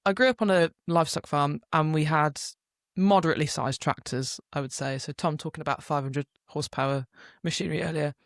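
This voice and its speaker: A young woman from the UK co-hosting a casual podcast, telling stories with lively acted-out quotes. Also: low-pitched, a little fast, few pauses, no echo, studio quality. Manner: lively storytelling, acts out quotes. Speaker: podcast co-host. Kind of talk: casual chat.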